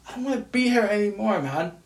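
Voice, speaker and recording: A man's voice: sits high, animated, quick pace, distant mic. A man venting to the camera in a frustrated, swearing rant, often repeating himself. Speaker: vlogger. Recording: roomy echo, away from the mic.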